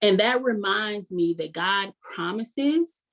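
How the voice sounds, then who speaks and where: A woman's voice: medium pitch, expressive, fairly bright tone. Folksy woman coach preaching to "y'all". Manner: folksy and sermon-like, calls the audience "y'all" constantly; emphatic, repeats key phrases slowly for effect. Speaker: life coach. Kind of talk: motivational coaching talk.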